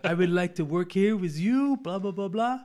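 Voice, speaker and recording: A man's voice: sits high, normal speed, a little mellow, voice pushed up, close to an everyday voice. A man putting on a fake French accent, playing a young job-seeker who claims to come from France. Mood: charming.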